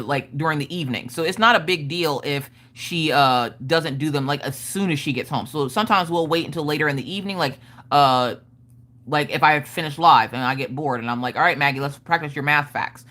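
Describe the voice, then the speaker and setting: A woman hosting a live stream and chatting casually about parenting, frank and profane, with animated storytelling. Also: low-pitched. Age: adult parent of school-age children.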